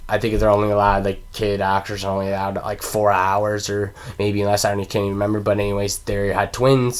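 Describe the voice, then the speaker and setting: A man casually ranking movies in a vlog, rambling and swearing freely, laughing often and losing track of names mid-sentence. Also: lowish voice. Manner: profane, rambling, laughs a lot, trails off forgetting names. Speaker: movie review vlogger.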